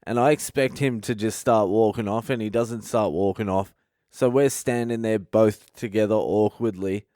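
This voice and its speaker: A man's voice: on the low side, fairly even intonation, moderate pace, warm tone, no room sound. A man, a comedian hosting a podcast and telling a profane, laid-back story into a close mic.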